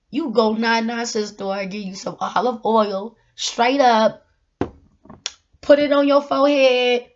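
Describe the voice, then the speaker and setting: A woman vlogger talking casually to her viewers about faith, animated and laughing, sometimes breaking into song. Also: fairly high pitch, highs cut off. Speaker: vlogger giving spiritual encouragement. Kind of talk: casual faith talk to camera.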